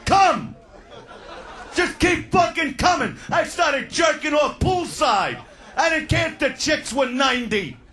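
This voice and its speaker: A man doing crude, loud stand-up comedy, shouting his punchlines. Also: extremely high pitch, lively intonation, slow pace, some chatter behind. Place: comedy stage before a live audience.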